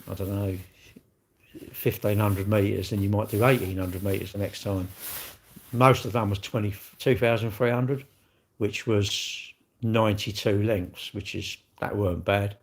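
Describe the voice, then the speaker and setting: A man's voice: lowish voice, a little hiss or hum. A man hosting a casual livestream, talking to his viewers with blunt, cheeky banter and crude swearing. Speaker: livestream host reading viewer chat. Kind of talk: casual live-stream chat.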